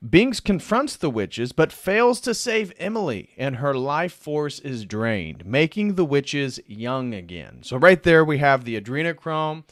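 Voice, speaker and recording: A man's voice: a little high, very animated, measured pace, few pauses, fairly bright tone, no room sound, clean studio sound. A man hosting a livestream who guides the discussion and reads a plot summary aloud. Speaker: livestream host.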